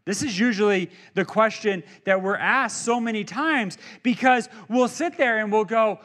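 A male pastor preaching a sermon in a church, animated and jokey, acting out quotes as he goes. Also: high voice, moderate pace, few pauses.

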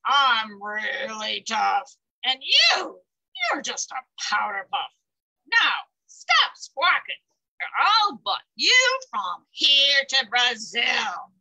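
A woman reading aloud, voicing a big, mean billy goat who brags and taunts in a gruff, loud voice. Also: on the high side, sing-song, drawn-out words, exaggerated voice, low-quality recording. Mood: taunting.

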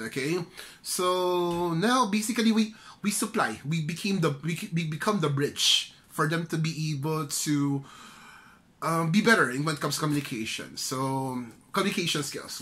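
A man's voice: fairly high pitch, bright, forceful tone. A middle-aged Filipino man giving loose, chatty career tips, often checking in with "okay?". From Philippines. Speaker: career trainer. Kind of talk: casual instructional vlog.

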